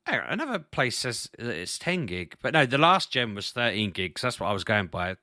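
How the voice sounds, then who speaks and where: A man's voice: medium pitch, big pitch swings, fairly quick, pushed and bright, no echo, clean studio sound. A man hosting a casual gaming podcast, thinking aloud with restarts and sudden exclamations. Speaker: podcast host. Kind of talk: casual chat about video games.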